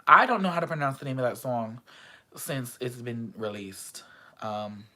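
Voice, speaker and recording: A vlogger chatting casually and excitedly about a concert, full of slang and swearing. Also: medium pitch, moderate pace. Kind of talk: casual chat.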